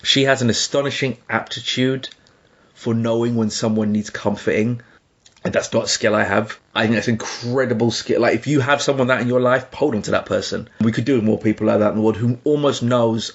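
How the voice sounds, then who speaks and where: A man co-hosting a podcast, talking in an animated, emphatic way with laughing asides. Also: mid-range voice, brisk, highs cut off. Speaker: podcast co-host. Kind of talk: casual discussion.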